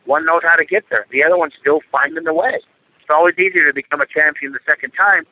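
A man's voice: on the high side, quick pace. A middle-aged man being interviewed, talking earnestly with lots of fillers and repetitions. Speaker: interview guest, former Olympic wrestler. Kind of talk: casual interview talk. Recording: dry tinny phone line.

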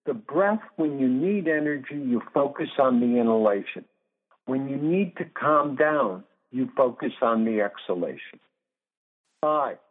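A man's voice: mid-range voice, slightly rough. Emphatic older man on a phone line. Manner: emphatic, lays out numbered points. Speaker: guest sports psychologist. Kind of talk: phone interview.

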